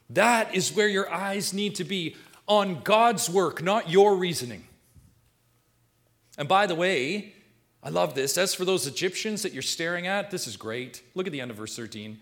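A man with a somewhat high-pitched voice preaches a sermon to his congregation. He reads scripture aloud and moves between quiet, intimate asides and emphatic, repeated declarations, pressing each point home. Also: animated, normal speed. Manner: preaching with wide swings from hushed to emphatic. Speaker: pastor.

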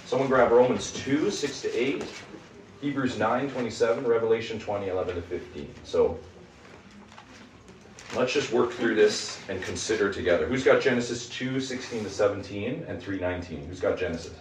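A man's voice: lowish voice, normal speed, slight background noise. A man leading a group Bible study. He teaches in an emphatic way and keeps asking the group questions. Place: room with a small group. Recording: echoey room, mic at a distance.

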